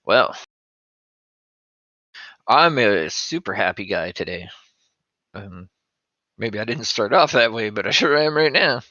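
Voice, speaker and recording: A man's voice: lowish voice, animated, slow, long pauses, pushed and bright, no room sound, lo-fi sound. A man co-hosting a live trading stream, upbeat and chatty, laughing easily and cheering on listeners. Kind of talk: casual live-stream chat.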